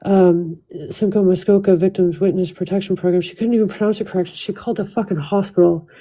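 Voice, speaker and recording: A woman's voice: on the low side, fairly even intonation, mellow, low-quality recording. A woman venting angrily and swearing a lot on her own livestream, talking straight into her phone. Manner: profane, venting, fast restarts. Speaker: livestream host. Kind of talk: heated livestream rant.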